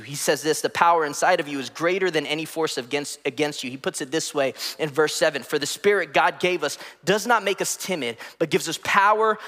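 A pastor with a mid-range voice preaches a sermon in a large hall, swinging from impassioned, emphatic peaks down to soft drops. He speaks to his congregation with casual storytelling asides and fillers.

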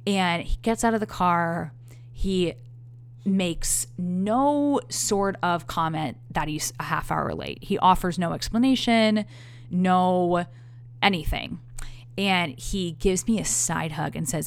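A woman in her thirties with a low, gravelly voice, chatting straight to her viewers. She tells her story candidly and with exasperation, and she swears freely. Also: a little slow. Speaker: vlogger. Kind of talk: casual storytelling to camera.

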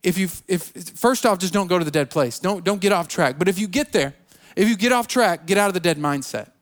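A man preaches in a high, raised voice. He stumbles and repeats words as he goes, and he slips into the voices of people making excuses. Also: expressive, fairly quick. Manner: repetitive, stammering restarts, acts out quoted excuses. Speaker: pastor. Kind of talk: sermon.

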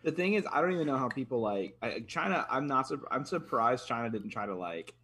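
A man co-hosting a casual podcast, rambling with many halting restarts. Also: mid-range voice, animated, a bit bright, breathy edge. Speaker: podcast co-host. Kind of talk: casual chat.

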